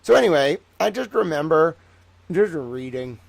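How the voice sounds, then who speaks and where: On the high side and gravelly, his sing-song voice moves at a moderate pace as he hosts a livestream. The conversation is loose, profane, and rambling, full of fillers and constant "like."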